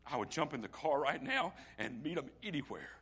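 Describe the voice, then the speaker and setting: A middle-aged man preaching a sermon as pastor, swinging from hushed, near-whispered lines to loud, ringing ones and stretching out key phrases slowly. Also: mid-range voice, big pitch swings, husky. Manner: slow, drawn-out emphasis on key phrases.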